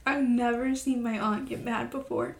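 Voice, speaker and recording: A young woman talking on her own podcast in a personal, confessional way, emotional and halting, with many pauses and fillers. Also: fairly high pitch, fairly even intonation. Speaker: podcast host. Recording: echoey room.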